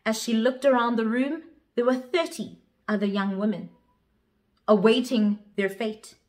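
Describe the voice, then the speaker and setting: A woman's voice: on the high side, unhurried, darkish tone. A young woman telling a story in a dramatic vlog style, switching languages as she goes. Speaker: vlogger.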